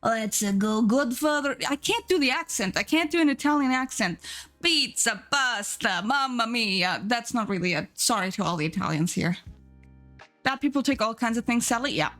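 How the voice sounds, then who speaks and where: Young woman streamer, giggly chatterbox, higher voice, faint music bed. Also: expressive, a little fast, fairly bright tone. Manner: giggly, chatty, reads chat aloud. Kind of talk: casual live-stream chat.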